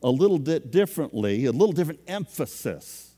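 A man's voice: fairly high pitch, sing-song, fairly quick, warm tone, long reverb tail. A man preaching a sermon as a pastor, in a conversational, self-deprecating way.

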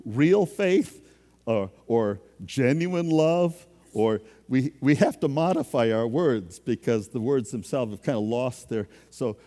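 A man's voice: mid-range voice, a little slow, few pauses, warm tone, in a large hall. A man preaching a sermon as a pastor, in a conversational, self-deprecating way.

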